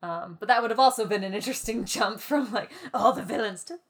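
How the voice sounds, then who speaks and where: A woman co-hosting a podcast, talking casually about a film, animated and laughing often. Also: a little high, fairly quick, slightly rough. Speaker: podcast co-host.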